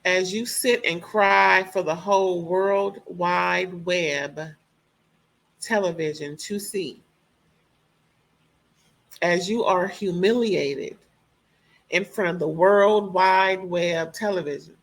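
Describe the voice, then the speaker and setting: A woman reviewing a reality TV reunion in casual chat, animated and opinionated, swearing freely. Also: fairly low pitch, slow pace, pauses often.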